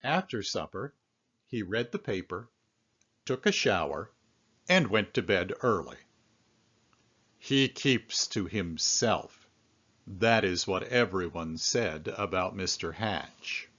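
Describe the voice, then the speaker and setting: Slow, lively-voiced man reading a storybook. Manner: slow, expressive storytelling with lively pitch swings. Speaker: storybook reader. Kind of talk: children's story read-aloud. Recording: dull lo-fi recording.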